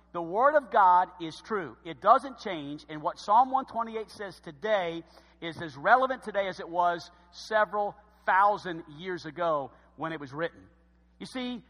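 Man, pastor; impassioned sermon delivery, high-pitched, reverberant sanctuary sound. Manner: fervent preaching with swings from loud shouts to low emphasis.

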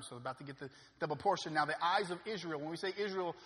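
A man in his thirties preaching a sermon as a pastor, swinging from loud preaching peaks to quiet storytelling. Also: on the high side, fast talker. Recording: long reverb of a hall.

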